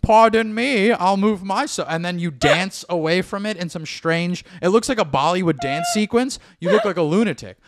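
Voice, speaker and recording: Male podcast co-host, high voice, playful and emphatic. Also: a little fast, hardly any pauses. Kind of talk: casual chat.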